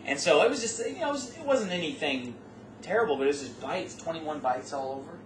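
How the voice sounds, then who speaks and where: Male storyteller, casual and animated, prone to rambling restarts; off-mic in an echoey room. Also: fairly high pitch, a little fast. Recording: roomy, distant mic, faint background noise.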